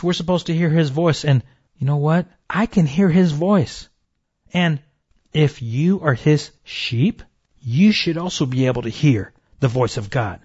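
A man's voice: on the high side, muffled recording. A man preaching an emphatic sermon, calling his listeners folks and warning them of judgment.

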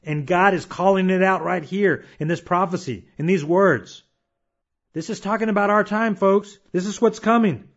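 A man preaching a sermon emphatically, reading scripture slowly and firing off rhetorical questions. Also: high-pitched. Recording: dull lo-fi sound.

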